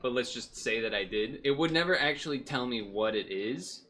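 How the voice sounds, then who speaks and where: A man's voice: mid-range voice, normal speed. Rambling man chatting on stream. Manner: rambling, self-correcting, relaxed. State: hot and sweaty. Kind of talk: casual stream chat.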